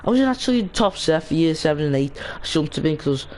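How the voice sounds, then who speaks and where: A man's voice: a little high, expressive, quick pace, darkish tone, a little hiss or hum, rough recording. A young man streaming a game, chatting casually and rambling with lots of restarts and fillers. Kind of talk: casual gaming stream chat.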